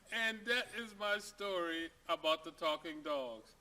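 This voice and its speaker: Folksy high-voiced male storyteller. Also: sharp tone. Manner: folksy, conversational, asks the listener rhetorical questions. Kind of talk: joke storytelling to camera.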